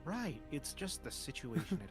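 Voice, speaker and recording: Man, higher voice, blunt, swears casually. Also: very animated, moderate pace, soft background music. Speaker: player.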